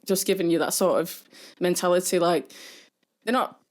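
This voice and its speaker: Chatty woman, lowish voice. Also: moderate pace. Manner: chatty storyteller with many fillers, mimics people in a high voice. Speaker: podcast co-host. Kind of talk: casual podcast chat.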